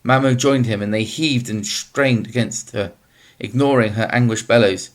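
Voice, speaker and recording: A man narrating a children's novel in a steady, measured reading voice. His pitch sits in the middle range for a man, and he paces the story evenly. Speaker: audiobook narrator.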